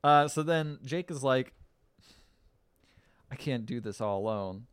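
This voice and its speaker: A man on a podcast gives a casual film recap, acting out the characters' lines with lively swings and laughter. His mid-range voice is smooth and a little slow, recorded without echo.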